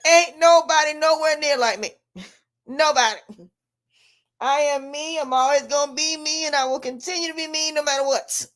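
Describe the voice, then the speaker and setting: High-voiced defiant woman vlogging. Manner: defiant, emphatic, repeats herself, laughs often. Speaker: vlogger, life coach. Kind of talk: casual monologue to camera.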